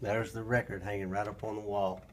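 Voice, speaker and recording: A singer-songwriter speaking slowly and earnestly to the camera from an indoor recording studio. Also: male voice, on the low side, level tone, a little hiss or hum. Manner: slow, earnest, reverent talk. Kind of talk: casual spoken intro to camera. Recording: loud piano music in the studio.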